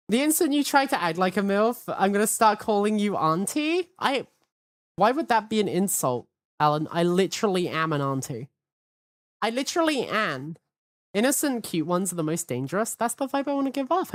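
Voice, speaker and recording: A woman's voice: mid-range voice, dry recording, studio quality. A woman streaming from home, chatting in a hyperactive, cheeky way and swearing freely. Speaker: VTuber streamer. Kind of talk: casual live-stream chat.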